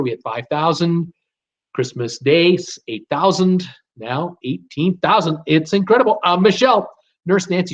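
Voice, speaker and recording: A middle-aged man hosting a live stream, casually reading out viewer comments and answering them with many fillers and restarts. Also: a little high. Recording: dull lo-fi stream audio.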